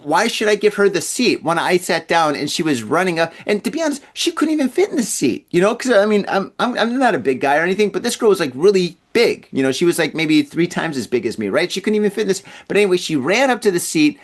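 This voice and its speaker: A man with a slightly higher voice than most men hosts a podcast alone. He tells a casual story at an easy pace, stammering, restarting sentences and repeating words as he goes. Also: animated, fast talker, few pauses. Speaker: podcast host.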